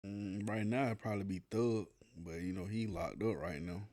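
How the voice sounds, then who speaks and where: A man's voice: on the low side, fairly even intonation, moderate pace, darkish tone. A man co-hosting a podcast, talking in a laid-back, slangy way with lots of restarts. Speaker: podcast co-host, production company owner. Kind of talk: casual podcast chat. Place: Atlanta.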